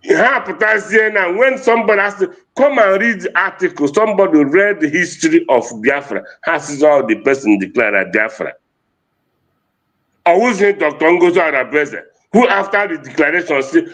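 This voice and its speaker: A man's voice: a little high, lively intonation, moderate pace, fairly bright tone. Impassioned Nigerian Igbo-accented man. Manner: impassioned, mixing English and Igbo. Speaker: activist speaker. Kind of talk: impassioned livestream talk.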